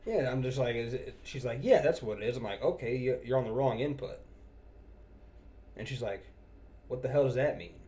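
A man's voice: mid-range voice, warm tone. Swearing, exasperated man telling a work story. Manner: profane, exasperated, quick to laugh. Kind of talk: casual anecdote chat.

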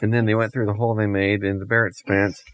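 A man improvising a silly bedtime story for a child, playful with a deadpan touch. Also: fairly low pitch, fast, low-quality recording.

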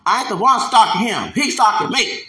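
A man in his forties with a drawl rants on his podcast, emphatic and repetitive, hammering every point home. His voice sits high for a man and rings very bright and sharp. The sound bounces around an echoey room. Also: lively intonation, brisk. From Houston, Texas. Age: 40s. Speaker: podcast host. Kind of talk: ranting podcast monologue.

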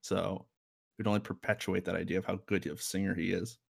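A man's voice: deep voice, level tone, quick pace, gravelly. A man co-hosting a casual music review chat, rambling with lots of fillers and a wry, joking edge. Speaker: music podcast co-host.

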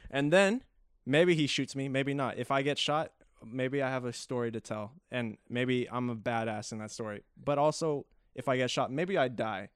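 A young man joking with a friend and spinning cocky what-if stories. His voice is smooth and clear. The recording is close and dry. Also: medium pitch, moderate pace, few pauses, dry recording. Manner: playful, boastful hypotheticals. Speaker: friend in conversation. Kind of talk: casual chat.

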